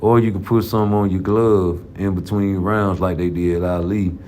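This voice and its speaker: A man's voice: low-pitched, fairly even intonation, moderate pace, mellow, a little hiss or hum. A man giving casual, profane, rambling boxing commentary in a vlog. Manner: profane, rambling, slang-heavy. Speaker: boxing vlogger. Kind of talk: casual trash-talking commentary.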